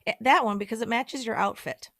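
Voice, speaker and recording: A woman's voice: on the high side, a little fast, fairly bright tone, dry recording, studio quality. A young adult woman from the United States, a guest in a casual chat who talks enthusiastically and compliments readily. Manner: enthusiastic, complimentary, laughs easily.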